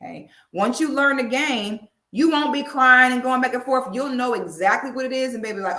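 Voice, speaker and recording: A woman's voice: on the high side, moderate pace, sharp tone. A woman host giving blunt, slangy reaction commentary. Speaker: show host. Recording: echoey room.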